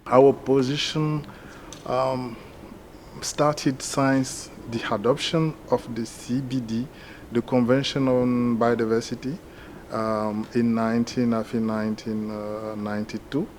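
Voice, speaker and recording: A man from Ivory Coast who speaks English with a French accent, answering interview questions as a university lecturer and pausing to search for words. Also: mid-range voice, darkish tone, a little hiss or hum.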